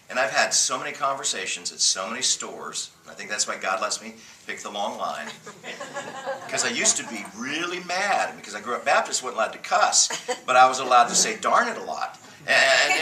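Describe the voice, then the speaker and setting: A man teaches a church class in a lively, joking, emphatic way and gets the group to repeat phrases back to him. His voice is very bright and a little high. The recording is roomy and distant, with faint noise. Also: quick pace. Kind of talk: church class lecture with call-and-response. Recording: roomy room mic from afar, faint noise.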